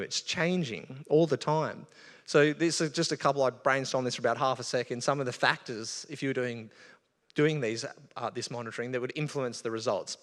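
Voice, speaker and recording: A man's voice: mid-range voice, a bit bright. Aussie guy giving a laid-back talk to a crowd, lots of ums, big echoey hall. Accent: Australian. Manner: casual, conversational, with fillers. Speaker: bee researcher giving a talk. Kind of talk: live presentation to an audience. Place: event hall. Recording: long hall reverb.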